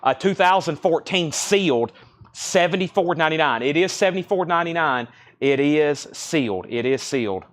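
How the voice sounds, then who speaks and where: A man hosting a live vinyl record sale stream, briskly repeating prices and bidder names. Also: fairly high pitch, lively intonation. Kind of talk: live auction sales stream.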